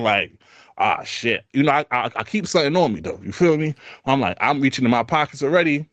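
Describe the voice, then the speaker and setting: Laughing as he tells a story in slangy street talk, this Brooklyn-accented podcast co-host keeps the chat casual. He speaks a little fast at a medium pitch, expressive and fairly bright in tone, with no echo.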